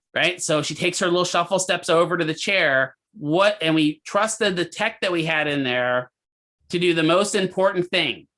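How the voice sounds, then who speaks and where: A man teaching a physical therapy class, telling a hospital story in a lively way and asking students questions. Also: a little high. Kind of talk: lecture with a clinical story.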